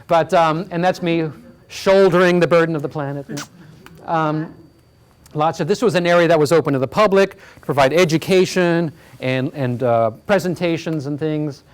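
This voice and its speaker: At a community hall, a man gives a public talk with slides in a clean, somewhat high voice at a moderate pace. He keeps it conversational, packed with fillers, and keeps checking in with the audience through "all right?" asides.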